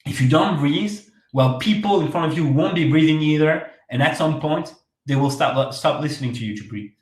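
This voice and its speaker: A man's voice: a little high, normal speed. Emphatic man in echoey room. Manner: energetic, emphatic, repeats key words. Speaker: workshop speaker. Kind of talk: online workshop talk.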